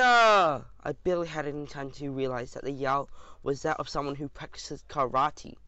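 A man reading a first-person audiobook aloud in a lively, expressive way. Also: on the high side, no echo. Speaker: audiobook narrator.

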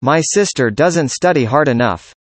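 Speaker doing practice conversation lines, plain even delivery, dry close sound. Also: medium pitch, moderate pace, dry recording. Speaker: dialogue reader.

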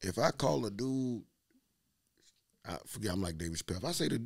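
A man in casual chat, telling lively stories, acting out the quotes and laughing often. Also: fairly low pitch, brisk, creaky, pauses often, husky. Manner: animated storyteller, acts out quotes, laughs often. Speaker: podcast guest telling stories.

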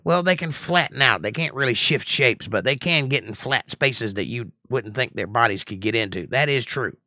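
A middle-aged man leads a live-streamed Bible study and lectures with blunt confidence. His voice is bright and forceful. The sound is dry and close. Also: mid-range voice, animated, normal speed, dry recording. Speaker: Bible study teacher and host.

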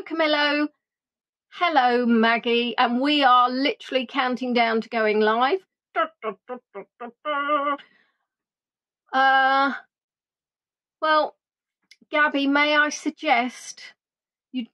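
A woman's voice: high-pitched, fairly bright tone. A woman chatting casually as a livestream tour guide, greeting viewers by name and joking about herself. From England. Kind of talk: casual live chat with viewers.

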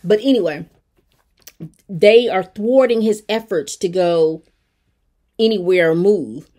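A woman's voice: mid-range voice, slow pace. A woman with a mid-range voice recaps a TV episode for her viewers. She tells it in a loose, colloquial way, full of asides and fillers, as if chatting with friends. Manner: chatty, expressive storytelling with lots of fillers; colloquial, talks straight to viewers. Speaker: TV show reviewer.

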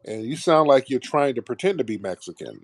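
A man's voice: medium pitch, sing-song, fairly quick, slightly rough, no echo. A man hosting a call-in show, sarcastic and combative, trading insults with callers and calling them sir.

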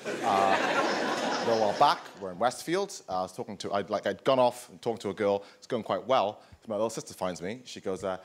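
A man in his twenties performing a live stand-up set, with a dry, self-deprecating delivery full of "uh" pauses. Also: on the low side. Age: 20s. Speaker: stand-up comedian. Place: comedy club stage with live audience. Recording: live club recording, audible noise. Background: audience laughter.

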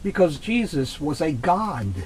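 A man's voice: fairly high pitch, very animated, unhurried, a little hiss or hum, poor audio. A man in a heated religious discussion, talking in an insistent, emphatic, lecturing way.

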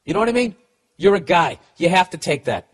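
A man's voice: high voice, big pitch swings, brisk, breathy edge. A middle-aged man with a Boston accent hosting a podcast, giving comedic advice in a profane, ranting way with stammering restarts. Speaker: podcast host.

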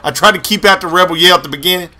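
A man giving loud, profane gameplay commentary full of boisterous trash talk and yells. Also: high-pitched, racing. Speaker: gamer and video host.

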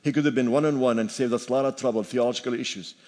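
An older male pastor preaches in an emphatic, repeating style, and his voice rings with the long reverb of a church hall. He drops in playful asides and sits at an ordinary pitch for a man. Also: steady tone, very fast, a little mellow. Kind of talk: sermon. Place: church sanctuary.

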